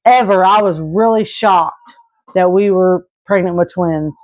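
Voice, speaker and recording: Speaking at a measured pace with a lowish voice, an Arkansas woman in her thirties chats casually while fielding viewer questions. She's sincere but meandering, restarting often and leaning on fillers, and the audio is dull with background noise.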